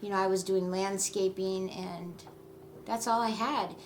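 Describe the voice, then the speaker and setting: A woman's voice: mid-range voice, steady tone, a little slow. Woman telling her own story, earnest and emotional, lots of restarts, faint hiss behind. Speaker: doll maker and memory care worker. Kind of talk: personal storytelling to camera.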